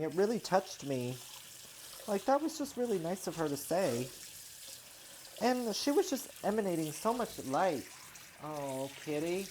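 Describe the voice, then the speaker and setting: A woman in her twenties talks casually into her own microphone as she cleans up her kitchen. Her voice sits low, and she rambles along with plenty of filler words. Faint running water and kitchen sounds murmur in the background. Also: big pitch swings, unhurried, noisy background. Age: 20s. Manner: rambling, chatty, many "like" and "you know" fillers. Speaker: vlogger. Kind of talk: casual chat while doing chores. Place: home kitchen. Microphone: own microphone near the sink.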